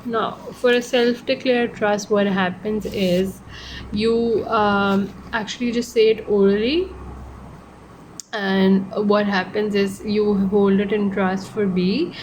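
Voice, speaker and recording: A woman tutoring law in a relaxed, rambling way, fixing her own slips and tossing in little jokes. Her pitch sits in an ordinary middle range. A clear hum of background noise runs under the recording. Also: takes it slowly, poor audio. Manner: chatty, digressive, self-correcting, joking asides. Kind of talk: casual online lecture.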